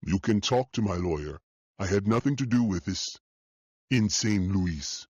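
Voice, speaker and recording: A man voicing a wiry, wary man in his late forties with a thick French accent, calm and evasive in a formal way. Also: on the low side, a little slow, dry recording. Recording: dull dry audio.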